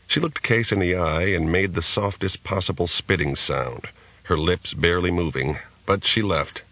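A man narrating a novel as an audiobook in a measured reading. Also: low-pitched, fairly bright tone, no echo, poor audio. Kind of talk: scripted narration.

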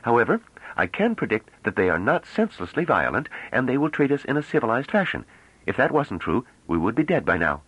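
A man voicing a calm, placid male historian in an audiobook, measured and reasoning. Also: mid-range voice, slightly rough, no room sound, dull audio. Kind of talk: audiobook character reading.

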